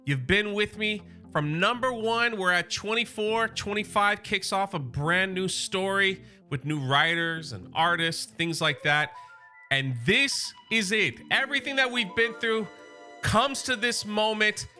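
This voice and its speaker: A high-voiced man talks through a comic issue with excited, casual energy. His tone is bright and sharp, and soft music plays behind him. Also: unhurried. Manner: enthusiastic, casual, reads quotes aloud. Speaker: comic book channel host.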